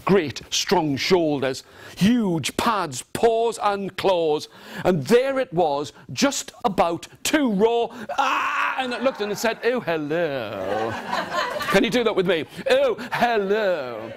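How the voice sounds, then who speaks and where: A male storyteller running an interactive workshop for a live audience. He speaks in a bright, high voice that swings up and down all the time, theatrical and animated as he coaxes the listeners into call-and-response. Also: slow. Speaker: storyteller and teacher trainer. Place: large room with a live audience.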